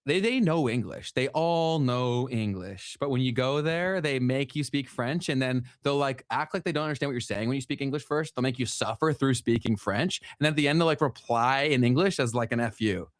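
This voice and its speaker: A man's voice: mid-range voice, normal speed, dry recording, studio quality. A blunt, opinionated young man from Canada, co-hosting a casual podcast chat with frequent restarts. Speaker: podcast co-host.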